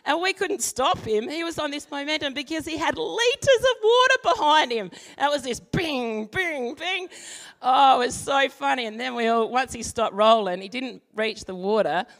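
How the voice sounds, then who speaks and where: Woman, church speaker, animated storyteller, calm teacher, echoing hall. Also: high-pitched, normal speed, few pauses. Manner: animated storytelling, acting out voices. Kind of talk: sermon with storytelling and prayer. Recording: long hall reverb.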